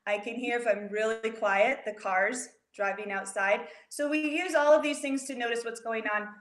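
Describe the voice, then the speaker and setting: A woman teaching young children online in a chatty, upbeat way, openly nervous and excited. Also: fairly high pitch, roomy sound. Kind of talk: virtual lesson for young children. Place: home room with a big window.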